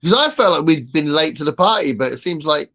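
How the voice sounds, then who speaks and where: Brief: man, podcast co-host, animated up-and-down delivery, chatty, quick to laugh. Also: fairly high pitch. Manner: chatty, laughs often, reads chat comments aloud. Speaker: podcast co-host reading live chat. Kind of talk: casual chat.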